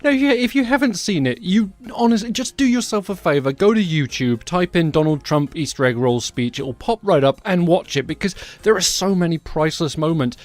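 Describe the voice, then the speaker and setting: A man's voice: sits high, a little fast, few pauses, dry recording. Sarcastic man hosting a news podcast. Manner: sarcastic, animated storytelling. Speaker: podcast host. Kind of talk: comedic news commentary.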